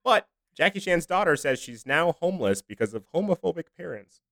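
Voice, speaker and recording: A young man co-hosting a comedy podcast, chatting casually and jokingly, often jumping into high mock voices. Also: brisk, no echo, studio quality. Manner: animated, jokey, jumps into high mock voices. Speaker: podcast co-host.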